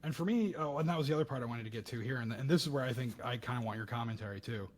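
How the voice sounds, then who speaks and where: A young man co-hosting a casual podcast, talking through a news story with heated emphasis and bursts of louder, higher speech. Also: rapid-fire. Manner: animated, acts out quoted voices with rising pitch and loudness. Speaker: podcast co-host. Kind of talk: casual political commentary chat.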